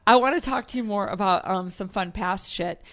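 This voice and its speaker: A woman's voice: medium pitch, a little fast, a bit bright. A woman in her forties from Chicago hosting a radio talk show, blunt and joking, and she swears casually. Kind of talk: casual chat. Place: radio studio. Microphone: studio mic.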